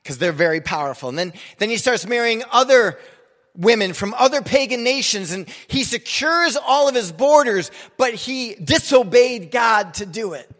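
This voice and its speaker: A man's voice: very high voice, lively intonation, moderate pace, a bit bright, long reverb tail. A man in his forties preaching a sermon in a casual, joking, conversational way. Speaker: pastor.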